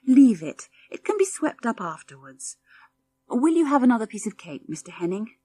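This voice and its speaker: Woman voicing a flustered farm mother, soothing, anxious, mid pitch, storybook. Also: sing-song, normal speed, warm tone, breathy edge, no room sound. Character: flustered, kindly farmhouse mother.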